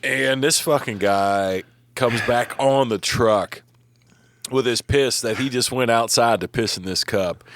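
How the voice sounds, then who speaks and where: A man's voice: mid-range voice, a little slow, a bit bright, dry recording. A man co-hosting a podcast, telling stories in casual chat, swearing and laughing a lot. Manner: profane, laughing storyteller. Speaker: podcast co-host.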